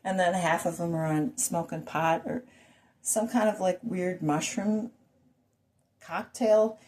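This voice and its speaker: A woman's voice: lowish voice, steady tone, slow, darkish tone. A woman ranting to her viewers in a rambling monologue full of rhetorical questions and asides. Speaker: vlogger.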